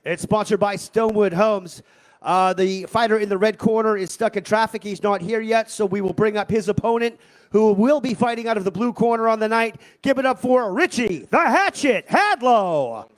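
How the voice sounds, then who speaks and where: New male ring announcer, high voice, teasing hype man. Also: fairly even intonation, fairly quick. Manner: joking, loud hype. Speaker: weigh-in announcer.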